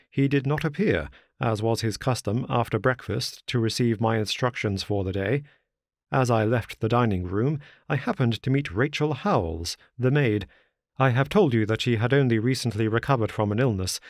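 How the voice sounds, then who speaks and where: A man reads a classic detective tale in a measured, steady storytelling manner. His voice sits at a middle pitch and is recorded close and dry, with no room sound. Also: no room sound. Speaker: audiobook narrator. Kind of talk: scripted narration.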